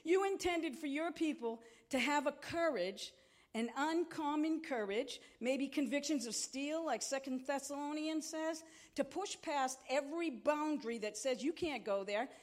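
A woman's voice: sits high, unhurried. A middle-aged woman pastor preaching a sermon in an impassioned, conversational way.

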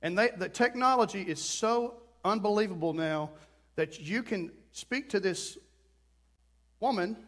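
A middle-aged man preaching a sermon, telling a story with lively, acted-out quotes and sudden outbursts. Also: sits high, unhurried. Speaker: pastor.

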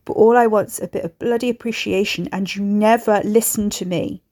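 A woman voicing a desperate young monster man who pleads and shouts at his parents. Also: medium pitch, fairly even intonation, moderate pace, vocal fry, slightly rough. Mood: pleading angrily.

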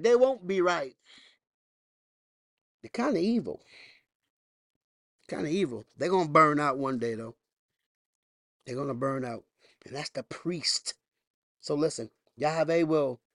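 A man's voice: on the high side, no echo, clean studio sound. A male pastor preaching a sermon emphatically, with folksy asides and rhetorical questions.

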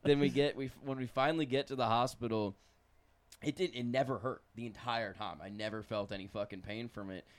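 A man's voice: mid-range voice, fairly even intonation, brisk. A man hosting a casual podcast, telling a story loosely with a lot of swearing.

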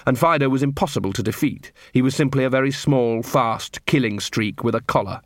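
A man narrating an audiobook in an expressive, wry storytelling manner. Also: mid-range voice, brisk, no echo, studio quality. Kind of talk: scripted narration.

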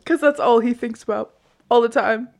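A woman's voice: on the high side, moderate pace, creaky, darkish tone. A woman co-hosting a book podcast, chatting casually, teasing and laughing easily. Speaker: podcast co-host.

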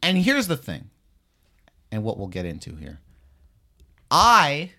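A man's voice: mid-range voice, wildly swooping pitch, slow pace, long pauses, bright, forceful tone. A man from Canada co-hosting a casual podcast, with an ordinary mid-range voice. He talks bluntly and emphatically, swearing freely as he makes his case. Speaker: podcast co-host.

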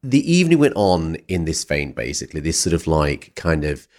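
A man hosting a podcast, telling a long rambling anecdote in an animated, chatty way. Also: rumbling low, moderate pace. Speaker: podcast host. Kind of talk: conversational storytelling.

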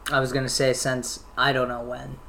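A man's voice: mid-range voice, monotone, moderate pace, vocal fry, sharp tone, slight background noise. Laughing, rambling young man. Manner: rambling storyteller, laughs often, full of "like". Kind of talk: casual chat.

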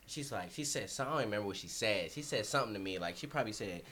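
A man co-hosting a podcast in a casual chat, telling slangy, animated stories and laughing through them. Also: fairly low pitch, rapid-fire, a little hiss or hum. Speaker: podcast co-host.

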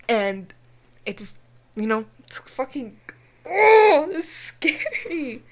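A young woman from New Mexico tells a personal story on a casual podcast, her voice sitting a bit high. She talks in an animated rush, full of filler words and cursing. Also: a little slow. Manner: animated, swears often, many fillers. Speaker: podcast co-host.

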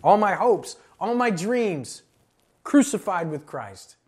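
A male pastor preaching a sermon, emphatic and slowing down to stress key phrases. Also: high-pitched, very animated, slightly rough.

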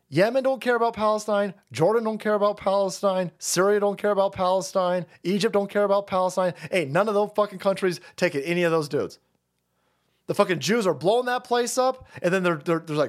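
Profane ranting man on a stream. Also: sits high. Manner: profane, ranting, loud and heated; frequent stammering restarts. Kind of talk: livestream rant.

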